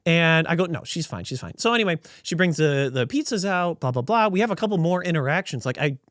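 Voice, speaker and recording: A podcast host tells a story casually. He is a man with a slightly high voice that swings widely in pitch as he rambles and corrects himself mid-thought. The sound is dry and close-miked, with no room echo. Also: quick pace. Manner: animated, rambling, self-correcting.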